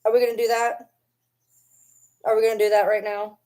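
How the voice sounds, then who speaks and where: A woman's voice: on the high side, little pitch movement, fairly quick, warm tone. A woman vlogger chatting casually to the camera and teasing her pet dog in doting baby talk.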